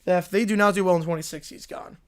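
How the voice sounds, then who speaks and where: A man hosting a live stream about sports, chatting casually with his viewers. He tosses off quick opinions and keeps thanking people in chat. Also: sits high, fairly even intonation, smooth.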